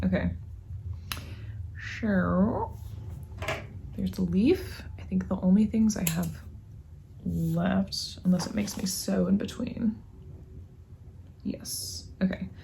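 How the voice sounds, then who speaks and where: A woman's voice: medium pitch, gravelly, warm tone, a little hiss or hum. A young woman casually chatting at home while she crochets, rambling and muttering to herself with sighs as she works. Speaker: crochet vlogger.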